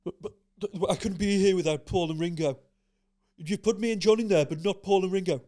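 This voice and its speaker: A man putting on a halting Birmingham accent as an awkward older rock star giving a rambling speech. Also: high-pitched, warm tone, lightly acted.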